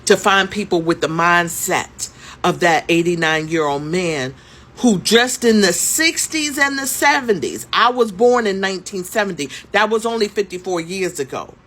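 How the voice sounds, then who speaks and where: A woman's voice: on the low side, expressive, normal speed, a bit bright. A woman in her fifties telling a story to camera in a casual way, emphatic, repeating her points and asking rhetorical questions. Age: 50s.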